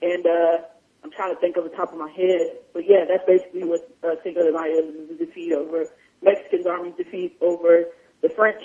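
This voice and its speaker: A podcast host speaks in a lowish, warm voice, fairly quickly and with flat delivery. She tells casual, profane stories with plenty of fillers and swearing, and the audio sounds dull and lo-fi.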